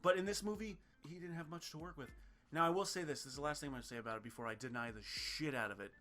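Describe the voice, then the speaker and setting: Bright-voiced man, casual film rant. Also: on the high side, rapid-fire. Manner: animated, swearing, mimics film characters. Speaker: podcast co-host, film reviewer. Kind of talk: casual chat.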